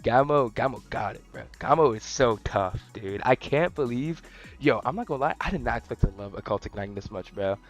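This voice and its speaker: A man's voice: mid-range voice, a little fast, soft background music. Slangy, rambling young man. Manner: slangy, profane, excitable, lots of fillers. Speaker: anime vlogger. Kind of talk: casual rambling review.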